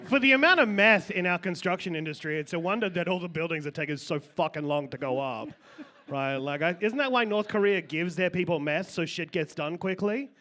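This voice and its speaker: A man's voice: fairly high pitch, a little fast, fairly bright tone. An Australian man hosting a comedy show, trading brash, crude banter.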